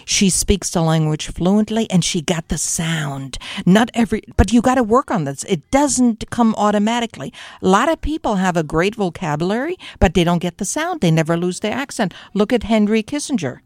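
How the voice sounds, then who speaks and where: An older woman from Germany with a slight German accent, hosting a radio show in a studio and chatting in an animated, rambling way full of fillers. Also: mid-range voice, normal speed, hardly any pauses, no echo. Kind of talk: casual radio chat.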